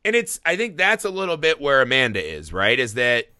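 A man's voice: medium pitch, brisk, smooth, no room sound, clean studio sound. A man in a casual film discussion, telling stories with plenty of swearing. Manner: animated storyteller, swears freely. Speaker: podcast co-host.

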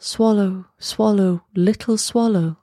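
A woman reading aloud voices a gentle, sorrowful male statue prince in a soft, solemn, measured tone. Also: medium pitch, steady tone, no room sound, studio quality.

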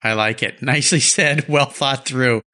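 A man's voice: mid-range voice, normal speed. A man hosting a podcast, chatting with a guest and reading sponsor spots in an upbeat manner. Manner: upbeat, lively host delivery. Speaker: podcast host. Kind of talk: podcast interview and sponsor reads.

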